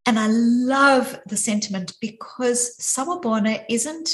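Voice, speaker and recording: A woman psychologist speaking as a guest in a podcast interview, thoughtful and emphatic, slowing down on her key points. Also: on the high side, poor audio.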